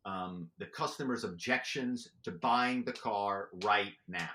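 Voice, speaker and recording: A man with a bright, forceful tone tells stories as a podcast guest. His delivery is lively and chatty, full of "you know"s. The room adds a noticeable echo. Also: fairly low pitch, a little slow, a little hiss or hum. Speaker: podcast guest, former corporate spy. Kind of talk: animated storytelling.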